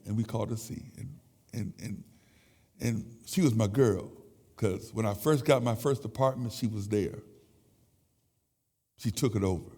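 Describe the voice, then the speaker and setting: A man in his sixties giving an emotional, halting sermon testimony in a church sanctuary. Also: medium pitch, a little mellow. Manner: emotional, halting with repeated words. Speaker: church speaker. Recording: echoey church hall.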